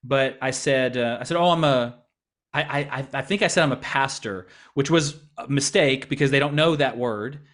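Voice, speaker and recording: A man's voice: medium pitch, moderate pace, few pauses, fairly bright tone. An American man, a pastor and missionary, answering interview questions in an earnest, conversational way with frequent restarts and repeated words. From United States.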